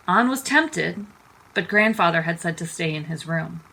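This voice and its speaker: A woman teacher reading a picture book aloud for children in an expressive, unhurried storytime manner. Her voice is bright and clear, with faint noise behind it. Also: fairly low pitch, low-quality recording.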